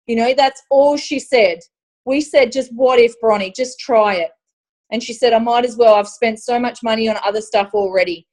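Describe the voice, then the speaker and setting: A woman with a high-sitting, slightly mellow voice hosts an online launch event, giving a casual presentation to an online group. She talks chattily to her audience, ending points with "okay?" and using endearments like "honey".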